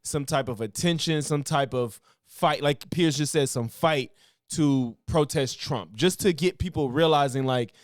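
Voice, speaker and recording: A man's voice: fairly high pitch, a little slow, no room sound, studio quality. A man casually reacting to a video clip, rambling with many restarts and some swearing.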